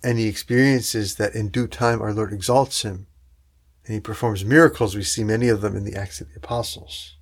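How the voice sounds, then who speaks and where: A man preaching a sermon in an earnest, emphatic way, with rhetorical asides to his listeners, swelling louder on key words and then dropping soft. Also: lowish voice, steady tone, fairly quick, husky.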